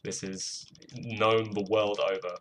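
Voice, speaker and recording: A man's voice: on the low side, little pitch movement, takes it slowly, a bit bright, a little hiss or hum. A British man walking through his music production on a live stream, casual and self-mocking, swearing freely. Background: faint music playing.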